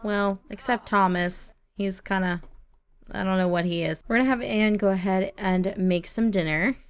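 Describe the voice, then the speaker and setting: A woman's voice: mid-range voice, fairly even intonation, moderate pace, clean tone. A woman hosting a gaming channel, chatting casually and reacting aloud as she narrates her gameplay.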